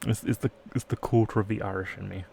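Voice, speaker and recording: A man on a live stream reads a story game aloud. His voice sits fairly low, and he stumbles and laughs in between lines. A faint hiss lies under the sound. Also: fairly even intonation, quick pace, vocal fry.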